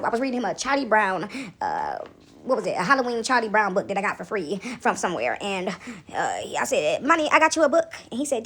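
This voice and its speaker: Older lady chatting playfully, high voice that swoops all over. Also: quick pace, husky. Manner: animated, playful, laughing often. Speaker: faith vlogger. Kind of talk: casual monologue, acting out God's voice.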